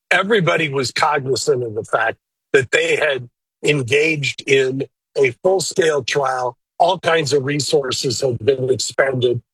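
Lawyer guy answering interview questions, kinda husky, a bit high, blunt about it. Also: a bit bright, no echo, poor audio. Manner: blunt, opinionated, measured. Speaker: lawyer guest.

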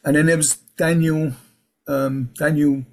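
A man speaks in a rough, gravelly voice with a husky, airy edge. He talks as a guest in a relaxed interview, wandering through his points with plenty of ums and restarts. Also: fairly high pitch, unhurried. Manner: rambling, restarts often, fills with um and yeah. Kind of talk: casual interview chat. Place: lives in England.

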